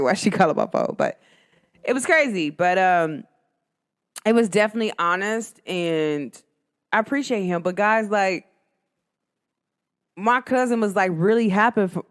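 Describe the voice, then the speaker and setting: Chatty woman telling a rambling story. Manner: chatty, rambling, lots of "like" fillers; animated, swoops high when quoting others. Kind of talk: casual storytelling monologue.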